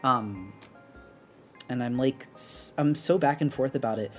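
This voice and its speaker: This is a streamer chatting casually while drawing, rambling and restarting often. The voice sits in a middle pitch. Soft music plays faintly behind. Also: a little slow. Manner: rambling, many fillers and restarts. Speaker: art streamer. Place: apartment on an upper floor.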